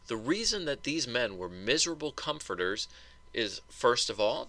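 A man's voice: medium pitch, big pitch swings, normal speed, fairly bright tone, no room sound. A man giving a wry, conversational Bible teaching, paraphrasing the text with dry humor.

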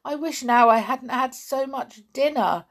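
A woman's voice: high-pitched, unhurried, pitched above the performer's own voice. A woman voicing a young girl who speaks in a sighing, wistful way.

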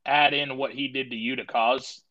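Teasing man over loud crowd noise. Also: medium pitch, fairly even intonation, normal speed, dull audio. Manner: teasing, joking. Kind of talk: casual chat.

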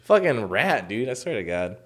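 A young man in casual chat, telling a long story with many fillers and profanity, acting out quoted lines loudly. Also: on the low side, sing-song, normal speed, breathy edge.

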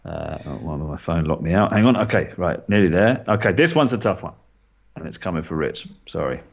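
Low-voiced English man hosting a quiz. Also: brisk, gravelly. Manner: relaxed, teasing, scoring answers. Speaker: quiz host. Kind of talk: casual game chat. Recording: dull lo-fi sound.

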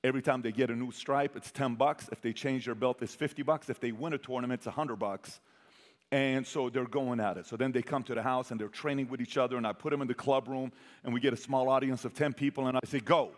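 A man telling a personal story to a live audience as a motivational speaker. He quizzes the crowd and swings between loud bursts and hushed asides. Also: mid-range voice, steady tone, quick pace. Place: large hall with an audience. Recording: long hall reverb.

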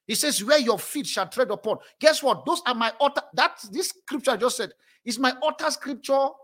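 Man, pastor, sermon, high voice, husky, animated, laughs between phrases. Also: normal speed. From moved to South Africa as an adult. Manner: animated preaching, often laughing mid-sentence.

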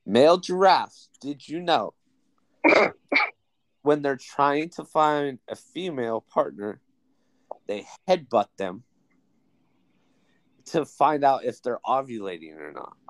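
A man's voice: medium pitch, lively intonation, slow, long pauses, fairly bright tone, no room sound. Young man cursing through podcast banter. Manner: joking, swears a lot, teasing. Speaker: podcast host. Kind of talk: casual chat.

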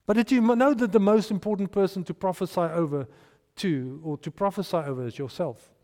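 A man preaching a sermon, animated and storytelling, with restarts and hushed asides. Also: sits high, brisk. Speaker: pastor. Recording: long hall reverb.

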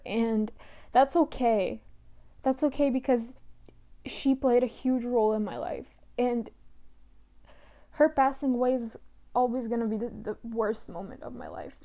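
A young woman talking in a personal monologue, emotional and halting, close to tears at times. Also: a little high, dark tone.

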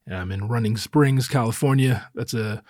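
This solo podcast host has a mid-range, somewhat mellow voice and talks at a normal speed. Recorded dry in studio quality, he sounds a bit winded as he rambles, swears, and jokes darkly at his own expense.

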